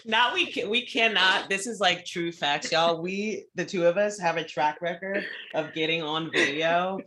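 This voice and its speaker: A woman's voice: on the low side, moderate pace, bright, forceful tone, slight background noise. A woman hosting an interview, supportive and casual, answering with short affirmations. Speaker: interviewer, host.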